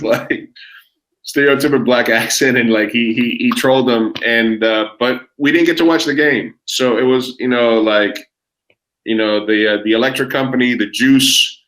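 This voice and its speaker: A man's voice: fairly low pitch, fairly even intonation, normal speed, a bit bright, low-quality recording. A man, telling a rambling, profane story as a podcast guest. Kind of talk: casual chat.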